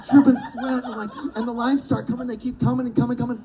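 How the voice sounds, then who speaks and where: A man with a high voice tells a funny story on an outdoor stage, acting out each person he quotes. The mic picks him up from some distance, and a lively crowd can be heard around him. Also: fast, few pauses. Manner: animated storyteller who acts out the people he quotes. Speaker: voice actor telling a stage story. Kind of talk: comedic anecdote told to a live audience. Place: outdoor Renaissance fair stage. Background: audience laughing and reacting.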